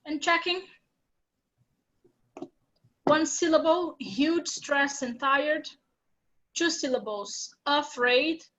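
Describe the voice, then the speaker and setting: A woman's voice: sits high, animated, slow, pauses often, a bit bright, rough recording. A Brazilian woman whose first language is Portuguese, teaching an English class online and explaining step by step with patience.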